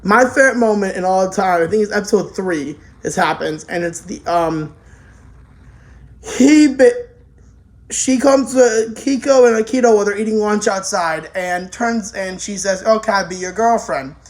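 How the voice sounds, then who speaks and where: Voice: medium pitch, normal speed. An anime reviewer giving a casual, rambling spoken review, full of restarts and offhand swearing.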